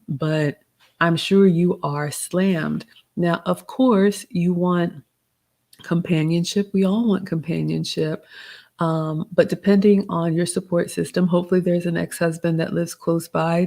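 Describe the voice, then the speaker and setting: A middle-aged woman, hosting a live Q&A, reading out chat comments and giving gentle advice in a casual tone. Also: fairly low pitch, vocal fry. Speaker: livestream host answering chat questions.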